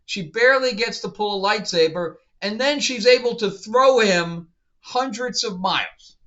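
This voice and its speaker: A man's voice: high-pitched, unhurried, pushed and bright. A man reviewing a TV show in a casual rant, sounding incredulous and exasperated and often laughing. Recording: dull lo-fi sound.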